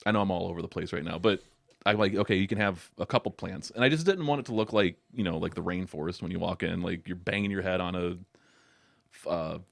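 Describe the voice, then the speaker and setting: A man's voice: low-pitched, fast, creaky, dry recording. A young man chatting as a podcast guest, telling rambling stories with plenty of swearing and laughter. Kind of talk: casual chat.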